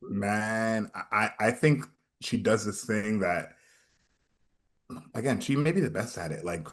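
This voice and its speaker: Low-ish voiced dude cohosting a music review, hyped, stumbles over words when excited. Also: male voice, slow. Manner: enthusiastic, animated, repeats words as he builds a point. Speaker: album review co-host. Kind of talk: casual music review chat.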